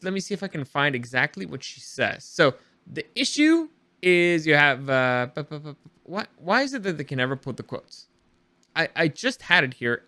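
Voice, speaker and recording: A man's voice: mid-range voice, sharp tone, dry recording. Rambling, opinionated male podcast host. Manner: rambling, self-correcting, opinionated; recording late at night. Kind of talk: casual opinion podcast commentary.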